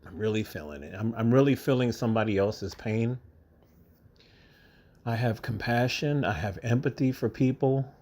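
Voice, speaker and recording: Emotional man telling a story, halting. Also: mid-range voice, a little mellow. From New York State. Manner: emotional, halting, repeats words. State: holding back tears. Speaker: vlogger. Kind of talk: casual monologue to camera.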